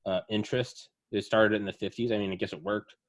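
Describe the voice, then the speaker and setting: A man chatting casually as a podcast co-host, telling a rambling, animated story full of fillers. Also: lowish voice, brisk. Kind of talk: casual chat.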